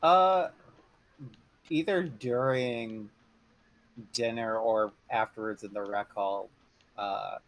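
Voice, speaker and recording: A man playing a tabletop game, laid-back, tossing in quick quips. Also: medium pitch, a bit bright, low-quality recording. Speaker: player. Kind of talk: casual tabletop game chat.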